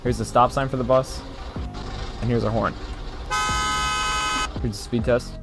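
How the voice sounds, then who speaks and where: A man hosting a gaming channel, giving a plain, steady commentary that walks through car features. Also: mid-range voice, unhurried. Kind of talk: gameplay commentary. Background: faint background music.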